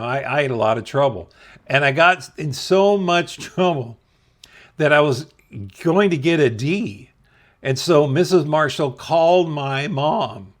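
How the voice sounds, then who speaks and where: Man, middle-aged, unhurried delivery, chuckling, self-deprecating storyteller, casual vlog. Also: on the high side. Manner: slow, laughing, self-deprecating. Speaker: channel host telling a story.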